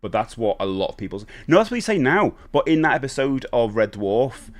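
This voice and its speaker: A middle-aged man from Liverpool with a Scouse accent, chatting in a rambling way while live-streaming a retro game and giving upbeat shout-outs to viewers. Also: medium pitch, sing-song, brisk. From Liverpool, England. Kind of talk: casual live-stream chat.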